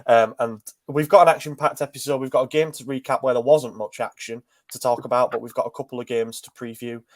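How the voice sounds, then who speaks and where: A man's voice: mid-range voice, flat delivery, fast, a little mellow, no echo. A man hosting a casual football podcast, congested and bunged up, upbeat with filler ums. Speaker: podcast host.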